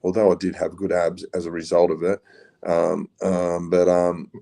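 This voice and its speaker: An Australian man with a very deep, gravelly voice tells stories on a podcast. He rambles in a laid-back way and fills his pauses with ums. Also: level tone, warm tone. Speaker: podcast guest. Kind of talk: casual storytelling.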